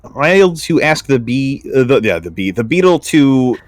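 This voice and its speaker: A man's voice: mid-range voice, big pitch swings, moderate pace, no room sound. A man player who speaks hesitantly with many fillers. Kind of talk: casual play at a tabletop game.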